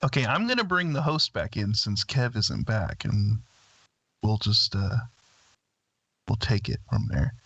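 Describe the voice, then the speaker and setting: A man's voice: on the low side, very animated, unhurried, creaky, pauses often, a bit bright, husky, no room sound, dull audio. A man hosting a casual talk radio show, speaking hesitantly with many filler sounds while he gathers his thoughts. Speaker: stand-in radio show host.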